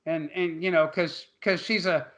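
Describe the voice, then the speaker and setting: Bright-voiced man recapping a movie. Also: a little high, steady tone, normal speed, rough recording. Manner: loose, profane, laughing storyteller. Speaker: podcast co-host. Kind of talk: casual movie-recap chat.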